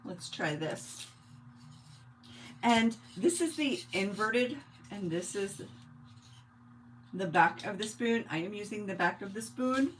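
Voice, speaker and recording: A woman's voice: medium pitch, lively intonation, slow pace, pauses often, slight background noise. Chatty woman hosting a craft livestream. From New York. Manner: chatty, greets viewers by name, laughs often. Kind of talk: casual live-stream chat while crafting.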